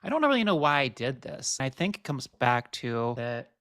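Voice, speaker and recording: A man's voice: medium pitch, big pitch swings, moderate pace, a bit bright. A man co-hosting a podcast, thinking aloud in a reflective, conversational way and asking follow-up questions. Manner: thoughtful, musing aloud, asks follow-up questions. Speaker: podcast co-host.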